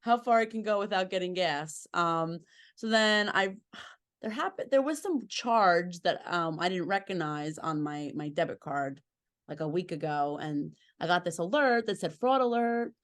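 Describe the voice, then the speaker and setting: A woman's voice: lowish voice, lively intonation, normal speed, a bit bright. Rambling, self-mocking woman telling stories. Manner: rambling, laughing storyteller, self-deprecating. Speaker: podcast guest, host's wife. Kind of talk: casual chat.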